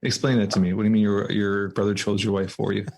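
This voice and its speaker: A man's voice: on the low side, flat delivery, fast, gravelly, a little mellow. A man hosting a podcast interview, asking open questions and affirming briefly. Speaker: podcast host. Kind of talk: interview conversation.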